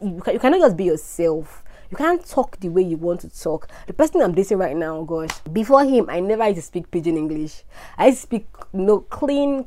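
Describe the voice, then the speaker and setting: A woman's voice: mid-range voice, darkish tone. A young Nigerian woman hosting a devotional podcast, reading scripture aloud, teaching earnestly and closing in prayer. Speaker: host of a Bible devotional podcast. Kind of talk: casual Bible teaching and prayer.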